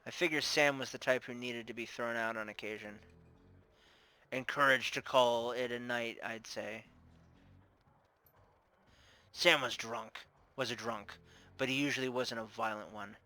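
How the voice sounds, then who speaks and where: A man's voice: mid-range voice, fairly even intonation, measured pace, long pauses, pushed and bright. Man playing a laconic young bouncer. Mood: plain. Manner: laconic, plainspoken. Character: young male bouncer, worldly and wise. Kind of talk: tabletop game character voice.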